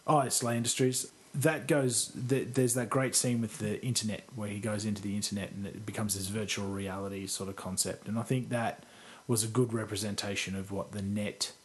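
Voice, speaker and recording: Brisk, with few pauses, a man with a fairly low, fairly even voice co-hosts a podcast, giving a rambling, self-deprecating take on a favorite film, casual swearing included.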